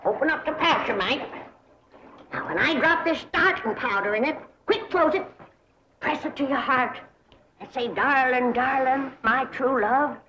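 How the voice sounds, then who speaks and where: Feisty older hillbilly granny, high and brisk, lo-fi sound. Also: female voice, pushed and bright. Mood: bossy. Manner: brisk, no-nonsense backwoods talk. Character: feisty old hillbilly granny, folk charm maker. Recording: dull lo-fi TV sound with hiss.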